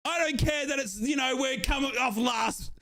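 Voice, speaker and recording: A young Australian man streaming a live football watchalong, shouting and crying with joy, his voice going hoarse. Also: very high-pitched, normal speed. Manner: shouting, overjoyed and tearful. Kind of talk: live fan watchalong reaction.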